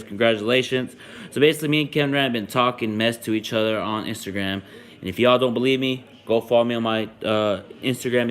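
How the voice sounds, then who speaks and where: A young man hosting a sports podcast, chatting casually and rambling with frequent ums and restarts. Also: mid-range voice. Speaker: podcast host.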